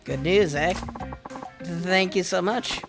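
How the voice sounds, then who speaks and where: A streamer doing a clipped, brisk craftsman. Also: mid-range voice, gravelly, music in the background. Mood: businesslike. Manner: clipped broken phrasing.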